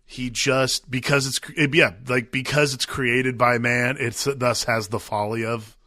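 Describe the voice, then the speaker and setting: Bright-toned man chatting loosely on a podcast. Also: medium pitch, flat delivery, dry recording, studio quality. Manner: halting, restarts, agreeable "yeah"s. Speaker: podcast co-host. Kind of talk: casual film discussion.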